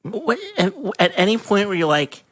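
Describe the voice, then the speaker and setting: Lively-voiced man cutting in with questions. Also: high-pitched. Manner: wry, quick interjecting questions. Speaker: podcast co-host. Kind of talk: casual chat.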